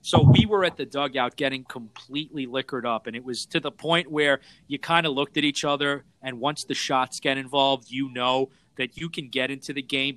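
A man on a podcast tells a story in a relaxed way, pausing on fillers as he thinks. His voice is bright, and the close recording is dry. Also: mid-range voice, no echo. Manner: relaxed, hesitant with fillers, reflective. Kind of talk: casual storytelling chat.

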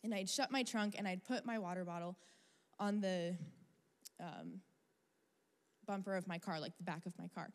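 A young adult woman preaching a sermon, telling a personal story in a chatty, animated way with casual fillers. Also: fairly low pitch, moderate pace, pauses often. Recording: long reverb of a large hall.

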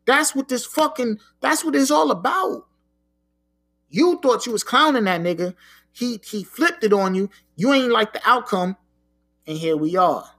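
High-voiced man talking frank street talk. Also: lively intonation, unhurried, fairly bright tone. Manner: frank, profane street talk with frequent "you know what I'm saying". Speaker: podcast host. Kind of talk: casual solo talk.

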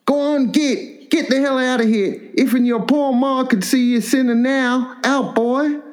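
A man's voice: very high voice, steady tone, unhurried, pitched above the performer's own voice. A man voicing an angry old hunchbacked father who scolds and chases his son with a stick. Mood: scolding. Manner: scolding, hillbilly-style insults.

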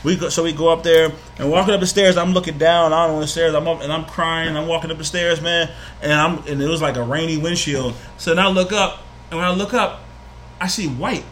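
A man's voice: on the high side, fairly quick, reverberant, slight background noise. A man with a New Jersey accent telling a personal story in casual, profane chat, acting out what people said. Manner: animated, profane, acts out quotes.

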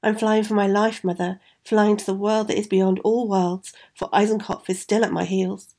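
A woman's voice: mid-range voice, flat delivery, moderate pace, a little mellow, close to an everyday voice. A woman reading as a fleeing young man. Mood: desperate.

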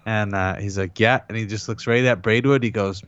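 A man co-hosting a podcast, casually telling an animated story and quoting others as he goes. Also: lowish voice, a little fast, dry recording. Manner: animated retelling, quotes others in their voices. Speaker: podcast co-host. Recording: dull, dry lo-fi sound.

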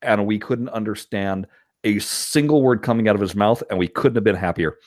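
A man's voice: fairly low pitch, brisk, a little mellow, dry recording, studio quality. An American man telling rambling stories in casual podcast chat, laughing often. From United States.

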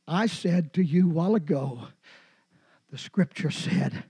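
A middle-aged man preaching a sermon with a husky, fairly high voice. He drops low and quiet to tell the story, then builds to emphatic shouted declarations. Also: unhurried.

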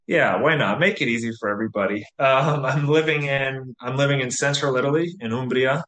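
A man in his thirties from the US, relaxed and chatty as an interview guest, full of "you know"s. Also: mid-range voice, fairly quick, reverberant. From US, near Atlanta. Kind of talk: casual interview.

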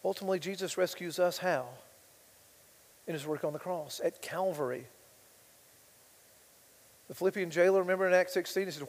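A male pastor preaching a sermon, swinging between hushed asides and loud, impassioned passages, reading scripture aloud with rising intensity. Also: high voice, fairly quick, pauses often, in a large hall.

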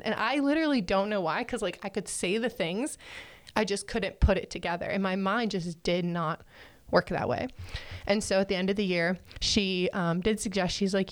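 A young woman chats casually while telling a personal story, animated and laughing often as she acts out what people said. Her voice is medium-pitched and a little fast, with no echo.

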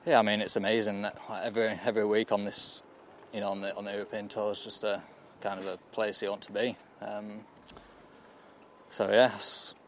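A man who won a golf event, talking modestly and hesitantly about his week. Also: on the low side. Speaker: golfer interviewed after a win. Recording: faint outdoor noise.

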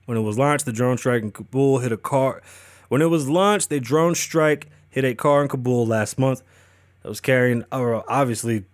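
A male podcast host telling a story in a casual monologue, animated and profane, acting out the dialogue himself. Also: medium pitch, normal speed, dry recording.

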